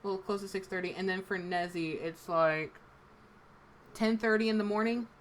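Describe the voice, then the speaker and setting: A woman's voice: mid-range voice, steady tone, normal speed. A woman with an American East Coast accent hosting a casual live stream, giving rambling advice full of fillers. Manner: chatty, meandering, gives advice with many fillers. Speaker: voice actor and stream host.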